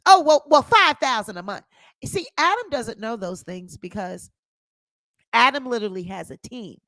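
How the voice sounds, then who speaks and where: A woman's voice: fairly high pitch, lively intonation, normal speed, pushed and bright, no room sound. A woman hosting a casual livestream commentary, talking sassy and profane straight to her audience. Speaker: commentary show host.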